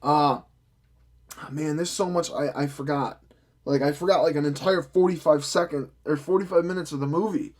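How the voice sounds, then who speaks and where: A young man with a high-pitched voice rants through a film review, cursing freely. He sounds sarcastic and exasperated throughout, talking to the camera like a fed-up vlogger. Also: normal speed, a little mellow. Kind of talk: ranting vlog review.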